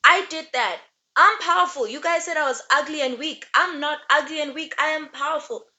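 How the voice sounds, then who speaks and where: Woman putting on a young goddess, defiant, higher voice, emphatic, dull lo-fi sound. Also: brisk, sharp tone. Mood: insistent. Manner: emphatic, repeating herself.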